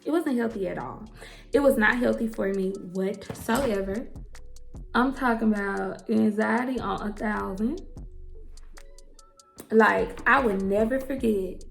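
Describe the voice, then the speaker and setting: A woman's voice: mid-range voice, gravelly. A young woman, a hairstylist, telling her story to the camera in a blunt, emphatic way, swearing freely and calling her listeners girl and y'all. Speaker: hairstylist and entrepreneur.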